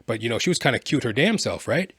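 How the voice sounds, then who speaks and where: Animated man telling a story. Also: mid-range voice, quick pace, slightly rough, dry recording, clean studio sound. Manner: animated, keeps adding "right?". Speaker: vlogger. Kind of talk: casual storytelling.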